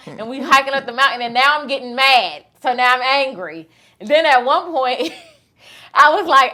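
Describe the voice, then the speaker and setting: A woman in her thirties hosts a relaxed conversation, spinning a story with lively, teasing energy. Her voice is bright and sits a little high. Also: normal speed. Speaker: host. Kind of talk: casual chat.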